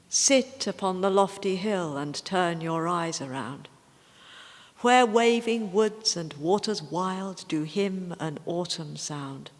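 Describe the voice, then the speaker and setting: Slow woman reciting poetry. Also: low-pitched. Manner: slow, measured recitation with hesitant chatty remarks between poems. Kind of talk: poetry recital with casual asides. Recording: long hall reverb.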